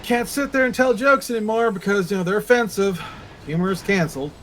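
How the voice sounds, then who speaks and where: A man's voice: high voice, brisk, fairly bright tone, a little hiss or hum, poor audio. A man streaming a game, ranting sarcastically and crudely in casual chat. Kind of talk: casual chat while gaming.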